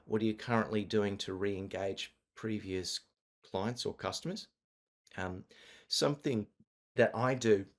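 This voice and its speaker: A man with a fairly low voice presents an online marketing masterclass over a video call, speaking conversationally with frequent fillers and restarts.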